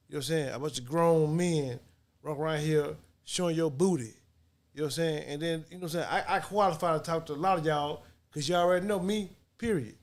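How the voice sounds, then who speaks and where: A man co-hosting a casual discussion, talking frankly and often saying "you know what I'm saying". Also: a little high. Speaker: podcast co-host.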